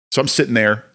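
A young man telling a lively personal story on a podcast, acting out his own shouting as he goes. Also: medium pitch. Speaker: podcast co-host. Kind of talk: casual storytelling.

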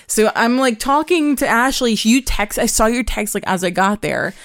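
A woman's voice: a little high, normal speed, no echo, studio quality. A young adult woman co-hosting a podcast, telling stories in casual chat, swearing freely and acting out what others said. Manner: animated storytelling, swears freely, acts out quotes. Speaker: podcast co-host.

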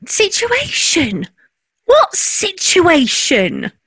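An actress playing a sharp-tongued, sarcastic working-class wife and mother. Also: extremely high pitch, wildly swooping pitch, heavily acted. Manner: dry, sarcastic, drawn-out. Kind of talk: audio drama acting.

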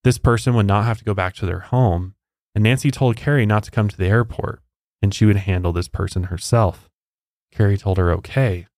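A man's voice: fairly low pitch, fairly quick, a little mellow, no room sound, clean studio sound. A man hosting a podcast, telling a true-crime story in a casual, conversational way with incredulous asides. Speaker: podcast host.

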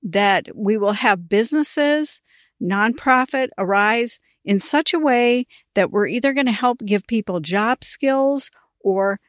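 A middle-aged woman tells a story on her ministry podcast, animated and quick to laugh. Her voice sits at an ordinary middle pitch, recorded dry and close to the mic. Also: no echo. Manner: animated, laughs while telling stories. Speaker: podcast host, ministry coach. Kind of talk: casual storytelling monologue.

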